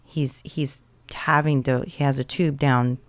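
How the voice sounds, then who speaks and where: A woman's voice: very deep voice, fairly even intonation, measured pace, no echo. A woman co-hosting a podcast, casually telling a personal faith story and acting out what others said. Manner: storytelling, acts out others' lines in quotes. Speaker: podcast co-host.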